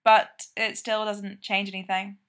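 A dry, deadpan young man with a sardonic edge, delivered flatly, as a woman reads him aloud in a story. His voice sits at an ordinary middle pitch. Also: a little slow. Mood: wounded.

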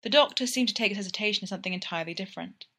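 A woman calmly reading an audiobook as the narrator. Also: medium pitch, very fast. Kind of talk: scripted narration.

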